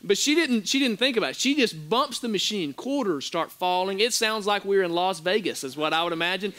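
A man with a high voice preaches a sermon in a church. He tells his story with animated energy, acting out the quotes and laughing along, then drops into a quiet prayer. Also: fairly quick, hardly any pauses. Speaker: pastor. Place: church sanctuary.

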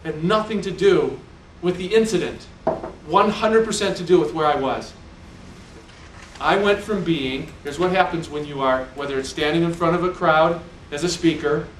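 A man's voice: fairly high pitch, a bit bright, slight background noise. A man giving a live motivational speech, telling stories animatedly with self-mocking humor. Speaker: motivational speaker. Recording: echoey hall, distant mic.

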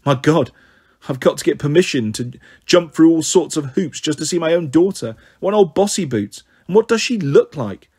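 A man reading a story aloud, voicing a flighty, chatty young mother with a breezy, cheeky manner and a husky voice. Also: on the high side, animated, moderate pace, a little mellow.

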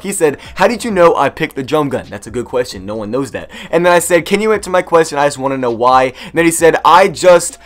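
A man hosting a gaming video, narrating in a casual, energetic way and talking straight to his viewers. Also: a little high. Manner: energetic, chatty, addresses viewers directly. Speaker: gaming YouTuber.

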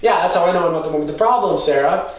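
An actor playing a defensive movie fan who argues quickly and heatedly, with a lot of swearing. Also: male voice, on the high side, natural voice. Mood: furious. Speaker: lead actor. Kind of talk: indie film drama acting. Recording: far-off mic in an echoey room, faint noise.

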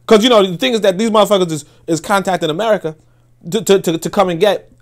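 Emphatic, high-voiced, profane male commentator. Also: quick pace. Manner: emphatic, profane, repeats words while thinking. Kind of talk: casual commentary with read-aloud quotes.

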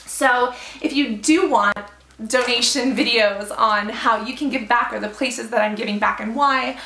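A young woman speaks straight to her viewers, earnest and encouraging, in a reflective heart-to-heart. Her voice sits a little high with a gravelly fry at the ends of phrases. The room around her is noticeably echoey. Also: measured pace, sharp tone. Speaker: beauty vlogger. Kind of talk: heartfelt talk to camera.

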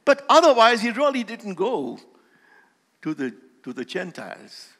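A man preaching a sermon as pastor, with emphatic, slowly stressed phrases that swell in volume. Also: high-pitched, sing-song, a bit bright. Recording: long hall reverb.

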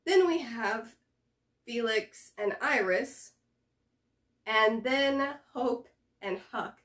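A woman's voice: on the high side, animated, extremely slow, fairly bright tone. A woman hosting a reaction video, chatting casually to camera and thinking aloud with fillers and hesitations.

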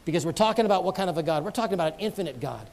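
A man with a high voice delivers a sermon. He preaches earnestly, tells stories and joins in with light jokes for the congregation. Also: animated, rapid-fire, darkish tone.

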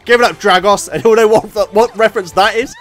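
A man giving jokey let's play commentary as a gaming YouTuber, getting excitable and yelping at close calls. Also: high-pitched, a little fast, loud music behind the voice. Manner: excitable, jokey, yelps at near misses.

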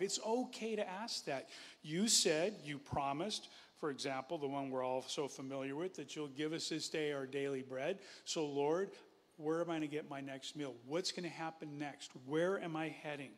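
Animated male pastor preaching in a hall. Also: on the high side, moderate pace. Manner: animated, conversational, chuckles often. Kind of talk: sermon. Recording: echoey hall.

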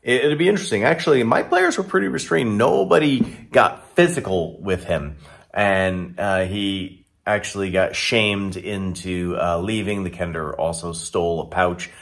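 A man with a deep, low voice talks through his tabletop game session as its dungeon master. He rambles and restarts often while mixing a recap with tips for other game masters. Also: normal speed, gravelly, a bit bright.

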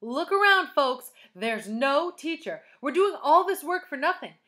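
A woman voicing a rowdy young schoolboy who shouts and clowns around. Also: high-pitched, big pitch swings, a little slow, voice pushed up, exaggerated voice. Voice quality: loud, shouting, giddy.

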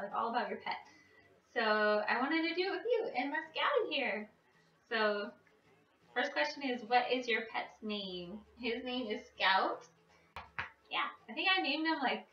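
Bright, chatty woman vlogging in an echoey room. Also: on the high side, lo-fi sound. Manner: chatty, with frequent fillers and small laughs. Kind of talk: casual chat to camera. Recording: echoey room, mic at a distance.

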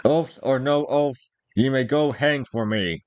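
A man's voice: medium pitch, measured pace, dry recording, lo-fi sound, close to an everyday voice. A man reading aloud, voicing a proud, hot-tempered young male outlaw archer in old-fashioned speech. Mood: fierce. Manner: archaic, old-fashioned speech, forceful outbursts.

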